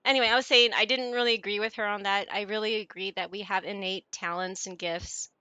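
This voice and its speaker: A woman's voice: medium pitch, steady tone, brisk, bright, forceful tone, clear, resonant tone, no echo, dull audio. A woman streaming, chatting casually with her viewers in a rambling way and laughing often.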